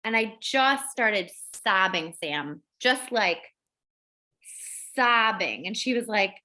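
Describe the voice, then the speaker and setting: A woman's voice: medium pitch, lively intonation, takes it slowly, bright, forceful tone. A woman hosting a wellness group over a video call, telling a rambling story with many fillers. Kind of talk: casual chat on a video call.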